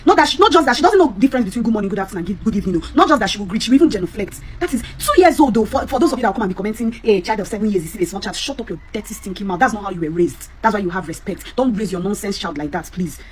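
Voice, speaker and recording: A woman in an angry rant, scolding and exasperated, shouting in bursts. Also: medium pitch, animated, racing, few pauses. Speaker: clip speaker. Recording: faint background noise.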